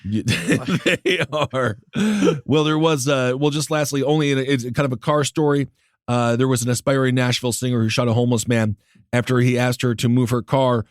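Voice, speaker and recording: Male comedy podcast co-host, mid-pitched, laid-back and dry-witted, close-miked. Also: steady tone, fairly quick, no echo. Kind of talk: casual comedy podcast chat.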